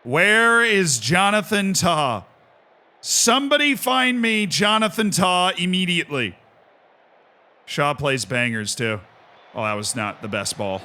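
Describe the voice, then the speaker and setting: A male streamer commenting on his own football match, with a bright, fairly high voice. He talks at an unhurried pace, mostly muttering to himself, then erupts into shouted play-by-play when a chance comes. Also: slight background noise. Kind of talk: live game commentary.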